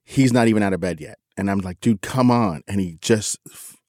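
A middle-aged man with a low, steady voice tells a story on a podcast in a candid, self-critical way, often restarting his sentences. The sound is dry and close. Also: brisk, no room sound. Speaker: podcast co-host. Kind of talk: casual storytelling.

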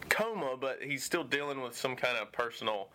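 A man's voice: mid-range voice, animated, moderate pace, bright, forceful tone, slight background noise. A man co-hosting a comic book show, summarizing an issue in a laid-back, plain way. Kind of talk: casual comic review chat.

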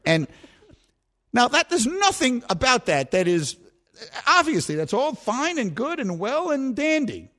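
A middle-aged man hosting a sports radio show, telling a rambling, animated story and chatting with his co-hosts. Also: extremely high pitch, unhurried. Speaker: radio host. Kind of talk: casual chat on sports radio.

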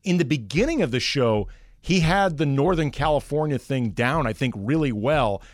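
A man co-hosting a radio show who gives quick, confident opinions and laughs easily. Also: mid-range voice, animated, dry recording, clean studio sound. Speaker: radio co-host. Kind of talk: casual talk radio banter.

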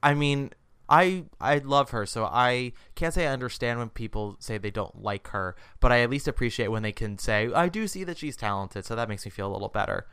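A man hosting a podcast in casual chat, telling stories in a chatty, animated way. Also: mid-range voice, brisk, clean tone, dry recording, clean studio sound. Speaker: podcast host.

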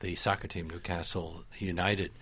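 A man's voice: low-pitched, level tone, normal speed, a bit bright, breathy edge. A man hosting a broadcast interview, asking questions in an inquisitive, conversational way. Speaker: radio interviewer, host.

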